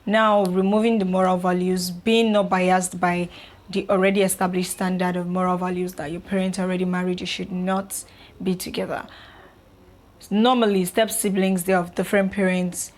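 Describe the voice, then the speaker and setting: A woman's voice: on the low side, little pitch movement, normal speed. A young woman, chatting casually to camera about relationships, loose and filler-heavy. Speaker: vlogger.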